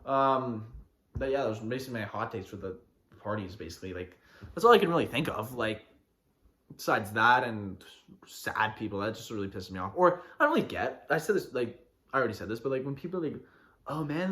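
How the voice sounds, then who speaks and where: A man rants through his own podcast, getting fired up and mocking people as he goes. His voice swings widely up and down in pitch, never staying flat for long. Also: brisk. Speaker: podcast host. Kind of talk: casual ranting monologue.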